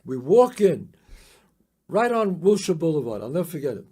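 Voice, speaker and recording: An older man from the Bronx, telling a story as a podcast guest in a lively, profane way, acting out the other people's voices. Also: on the high side, moderate pace, slightly rough. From the Bronx, New York. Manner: animated, profane, acts out the voices in his story. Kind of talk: casual storytelling.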